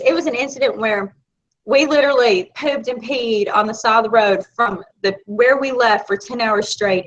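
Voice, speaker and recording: Brief: Southern woman co-host, higher-pitched, chatty storyteller, dull lo-fi recording. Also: fairly bright tone. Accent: Southern American. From Florida. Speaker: co-host of a live video chat. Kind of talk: casual chat. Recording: dull lo-fi sound.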